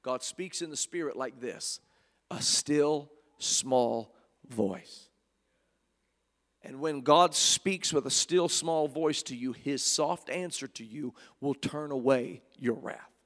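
A male preacher delivering a sermon, swinging between loud fervor and hushed softness and repeating phrases. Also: fairly high pitch, a little slow, hardly any pauses. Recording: long hall reverb.

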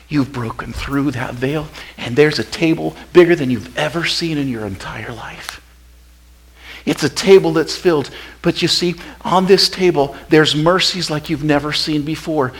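A male pastor preaching an impassioned sermon, swinging between loud outbursts and hushed, almost whispered passages. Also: on the high side, a little slow, breathy edge, poor audio.

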